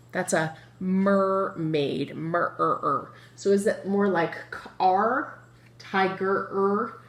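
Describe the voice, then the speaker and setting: A woman teaching young children a phonics lesson, slowly drawing out word sounds and asking the class questions. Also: fairly low pitch. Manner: slow, drawn-out sounding of words; lively, encouraging, asks the children questions. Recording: echoey room with faint noise.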